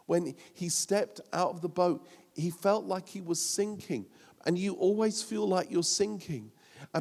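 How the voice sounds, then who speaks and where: A man's voice: sits high, creaky, a little mellow. A man preaching a sermon as a pastor, humorous and self-mocking, with many fillers. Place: church hall. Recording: long church hall reverb.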